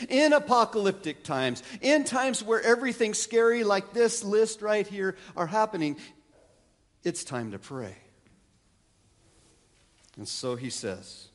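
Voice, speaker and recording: A man preaching a sermon as pastor, lively with wry asides and frequent restarts. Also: a little high. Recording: long reverb of a large hall.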